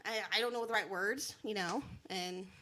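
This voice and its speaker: A woman's voice: medium pitch, normal speed, a crowd in the background. Woman, podcast guest; earnest, thoughtful, mid-range voice. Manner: earnest, searching for words. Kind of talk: casual live podcast chat.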